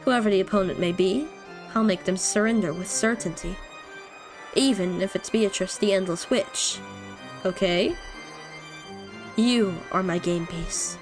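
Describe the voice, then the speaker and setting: A woman reading aloud as a cruel, aloof female witch, calm and quietly taunting. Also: medium pitch, a little slow, pauses often, music in the background, natural voice. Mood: coolly taunting. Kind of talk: reading game dialogue aloud.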